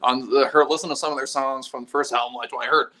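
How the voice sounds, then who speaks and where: A man's voice: medium pitch, steady tone, fast, sharp tone. A man hosting a casual live stream about metal music, reading viewer messages and rambling animatedly, swearing freely. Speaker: metal YouTube channel host.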